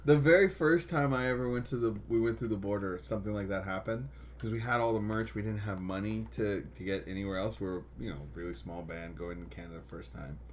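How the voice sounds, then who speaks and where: A man co-hosting a podcast, chatting casually and telling lively stories full of quoted voices. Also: on the low side, fairly quick, a little hiss or hum. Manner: animated storyteller, jumps into quoted voices. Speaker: podcast co-host and punk musician. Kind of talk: casual chat.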